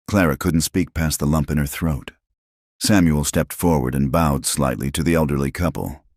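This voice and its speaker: Very deep-voiced male storyteller. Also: normal speed, darkish tone, no echo, studio quality. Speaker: narrator. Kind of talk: scripted storybook narration.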